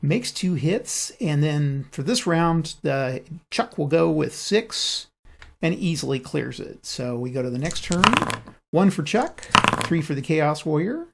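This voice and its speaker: A man's voice: a little high, lively intonation, creaky, a little hiss or hum. A man narrating his own solo board game playthrough, thinking aloud as he rolls dice and moves pieces. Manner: unhurried, thinking aloud while rolling dice. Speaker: board game channel host.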